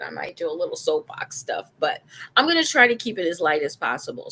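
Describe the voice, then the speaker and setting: A woman's voice: sits low, very animated, fairly quick, gravelly, bright, forceful tone, breathy edge. A middle-aged woman hosting a live-stream talk show, chatting casually and repeating phrases for emphasis.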